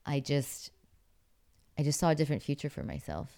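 A woman's voice: low-pitched, sing-song, brisk, gravelly, mellow. A woman from Pittsburgh, an actress and former figure skater, telling stories as an interview guest in a chatty way, laughing often. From Pittsburgh, USA. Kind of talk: casual interview storytelling.

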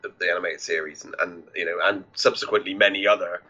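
A man's voice: deep voice, fairly even intonation, fast, bright, forceful tone, lo-fi sound. A man co-hosting a casual film review podcast, rambling and restarting his sentences often. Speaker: podcast co-host.

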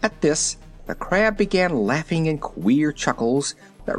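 A storyteller reading a children's fairy tale aloud, lively and expressive. The pitch swings widely from line to line. Faint music plays under the reading. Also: a little slow. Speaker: narrator.

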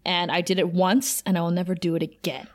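A fast-talking woman with a lowish voice and flat delivery co-hosts a podcast. In casual chat she retells a TV episode, quoting the characters as she goes.

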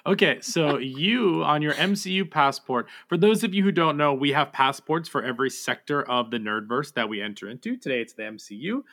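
A man's voice: fairly high pitch, pushed and bright. A man co-hosting a podcast in casual chat, jokey and mock-formal, with frequent "uh" fillers. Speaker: podcast co-host.

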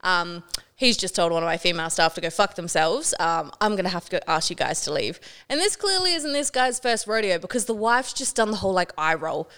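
On a casual podcast, a young woman co-host tells a story in a smooth, clear voice that sits on the low side. She talks briskly and animatedly, swears freely, and acts out what people said.

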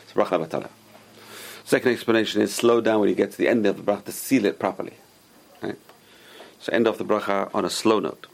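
A man's voice: fairly low pitch, fast, creaky. A man teaching an informal Torah class, explaining Hebrew sources and giving emphatic warnings.

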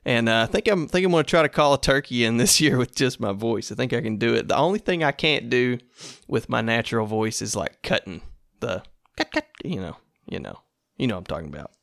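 A man's voice: mid-range voice, lively intonation, a little fast, creaky, fairly bright tone, no room sound, clean studio sound. A man hosting a casual solo podcast in a laid-back, rambling, self-amused way. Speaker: podcast host.

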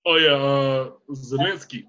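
A man's voice: mid-range voice, a little slow, bright, forceful tone, highs cut off. A man chatting casually as co-host, cursing freely, laughing often and acting out movie lines. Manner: profane, laughs a lot, acts out movie quotes. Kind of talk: casual chat.

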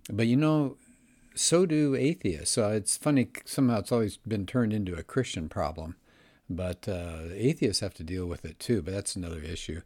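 A man with a fairly low voice talks through a book in a relaxed, conversational way. He leans on small fillers and quotes passages as he goes. The sound is close and dry, with no room around it. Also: no echo. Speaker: host reviewing an apologetics book. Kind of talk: casual book talk.

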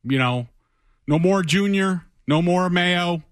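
A man's voice: sits high, slow pace, no room sound. A man, a football reporter appearing as a guest in a radio studio, explaining plays in careful detail in a casual way. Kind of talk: sports radio talk.

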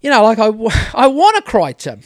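A man's voice: very high-pitched, huge pitch swings, brisk, dry recording, clean studio sound. A man in his thirties with a New Zealand accent, telling a rambling story on a casual podcast and swearing freely. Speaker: podcast host. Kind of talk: casual chat.

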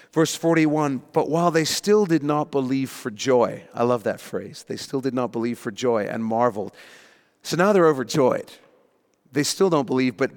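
A man preaching a sermon, telling the story with lively, animated delivery. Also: mid-range voice, long reverb tail. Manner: animated storytelling, acting out panicked voices. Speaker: pastor.

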